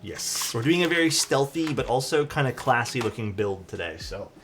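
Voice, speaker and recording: A man's voice: medium pitch, expressive, normal speed. A man casually chatting with his stream chat while building a keyboard. He answers questions as they come, often trails off and restarts, and sometimes drifts away from the desk mic.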